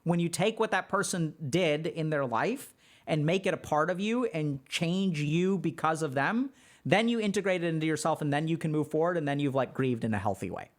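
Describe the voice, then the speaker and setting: Man, streamer host, relaxed chatty explainer with fillers, slightly higher-pitched voice. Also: moderate pace. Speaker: streamer answering chat. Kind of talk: casual livestream talk.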